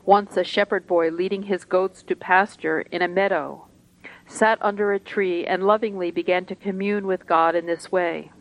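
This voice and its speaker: A woman reading a spiritual talk aloud to a gathering in a slow, deliberate, measured way. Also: fairly low pitch, steady tone, low-quality recording.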